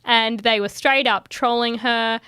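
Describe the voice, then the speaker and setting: A woman's voice: fairly high pitch, steady tone, a little slow, sharp tone, smooth, no echo, clean studio sound. A woman co-hosting a podcast, reading a wry script and laughing along. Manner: wry, laughing as she reads. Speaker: podcast co-host.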